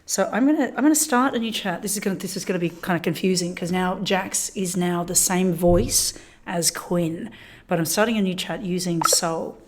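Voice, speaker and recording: A woman's voice: on the low side, normal speed, a little hiss or hum. A woman hosting a casual chat, talking with hesitant restarts and trailing asides. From Australia. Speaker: host.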